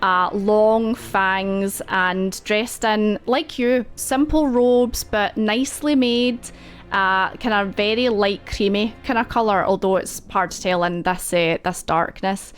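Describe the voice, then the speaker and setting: Slow, rambling woman game master. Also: mid-range voice. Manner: loose, rambling narration with many fillers and asides. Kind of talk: narrating a tabletop game.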